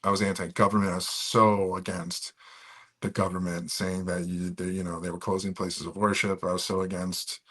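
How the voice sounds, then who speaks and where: A man's voice: low voice, flat delivery, moderate pace, a bit bright, slightly rough. A man about forty from Florida, a stand-up comedian talking casually as a podcast guest in a rambling, filler-heavy way.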